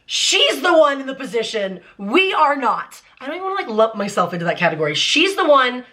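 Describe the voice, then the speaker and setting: Bright, animated young woman vlogger. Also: high-pitched, a little fast. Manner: animated and emphatic, with frequent "like" fillers. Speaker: vlogger analyzing song lyrics. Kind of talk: casual commentary.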